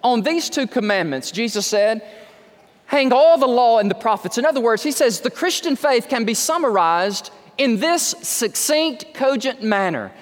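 A male pastor preaching a sermon, slowing down to stress key words and acting out quoted conversations. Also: animated. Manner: acts out quoted conversations with raised pitch. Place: church sanctuary. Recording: long hall reverb.

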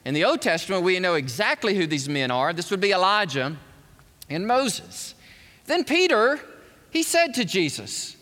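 A man delivers an emphatic sermon in a high, bright voice, pressing hard on his points and throwing questions out to the congregation. Long reverb from a large hall trails behind his words. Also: sing-song, normal speed. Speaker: preacher.

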